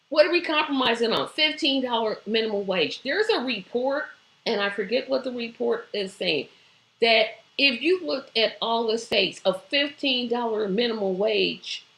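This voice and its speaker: Bright-voiced woman live-stream host. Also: a little high, gravelly, roomy sound, poor audio. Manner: emphatic and exclamatory, with rhetorical questions. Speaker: host of a live online show. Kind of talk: live-stream commentary, reading viewer comments.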